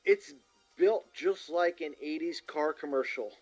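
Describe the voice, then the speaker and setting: A man co-hosting a movie podcast, relaxed, chuckling as he runs through details. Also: a little high, measured pace. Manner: relaxed, rattles off car lists, chuckles. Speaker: podcast co-host. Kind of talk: casual movie podcast chat. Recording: dull lo-fi mic with faint music.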